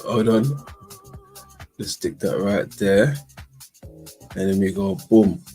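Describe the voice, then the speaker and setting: A man hosting a casual livestream who keeps breaking into laughter and loud exclamations between his remarks. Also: fairly low pitch, slow pace, faint music behind. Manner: calls people "boy". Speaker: stream host.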